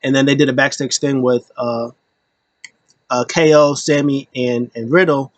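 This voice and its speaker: A man talks through a wrestling recap in a loose, rambling way, full of ums and restarts. His voice sits at a middle pitch. The sound is dry and close, with no room around it. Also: steady tone, a little slow, dry recording. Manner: rambling, filler-heavy, jumps into quoted voices. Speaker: wrestling show recap host. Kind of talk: casual solo recap.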